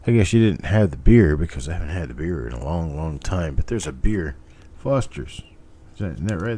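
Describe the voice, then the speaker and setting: Older man, deep low voice, mellow tone, rambling jokey live-stream host, talks to viewers by name. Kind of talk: live coin roll hunting chat.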